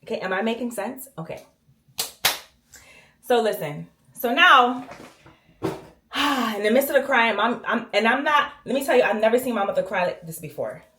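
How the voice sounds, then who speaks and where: A woman's voice: on the high side, expressive, moderate pace, long pauses, background noise. Emphatic woman vlogging in an echoey bathroom. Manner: emphatic, talks straight to viewers with frequent "okay?". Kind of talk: casual storytime while cleaning.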